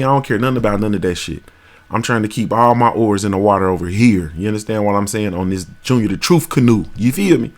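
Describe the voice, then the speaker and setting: A man in his thirties hosting a podcast, talking in a loose, profane, rambling monologue and checking in with "you feel me" again and again. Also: medium pitch. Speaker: podcast host. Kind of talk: casual monologue.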